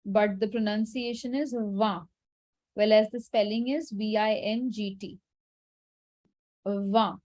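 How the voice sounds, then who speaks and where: A woman teaching French numbers in an online class, repeating each word slowly and carefully. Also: mid-range voice, fairly even intonation, warm tone. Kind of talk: online language lesson. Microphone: video call.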